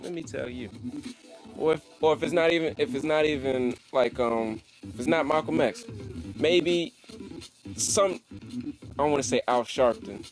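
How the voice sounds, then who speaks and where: A young man in casual brainstorming chat about a comedy show, telling stories in an animated, laughing way. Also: on the high side, moderate pace, pauses often, music in the background, rough recording. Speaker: comedy writer.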